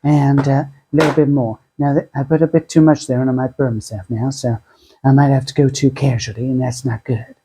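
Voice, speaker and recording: A man hosting a craft tutorial, chatty and self-deprecating, speaking in a husky put-on voice that sounds like a sore throat. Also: medium pitch, little pitch movement, a little fast, noisy background. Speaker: craft channel host.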